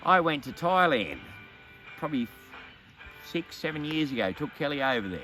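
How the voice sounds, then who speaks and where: A man's voice: fairly high pitch, very animated, moderate pace, sharp tone, faint music behind. A middle-aged man with an Australian accent telling a casual spoken anecdote in a blunt, heavily profane way. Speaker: storyteller.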